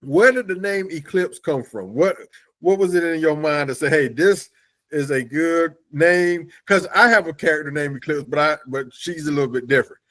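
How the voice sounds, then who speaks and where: Brief: enthusiastic male interview host, a touch high-pitched, halting delivery. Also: fairly bright tone. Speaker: podcast host. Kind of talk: casual interview chat.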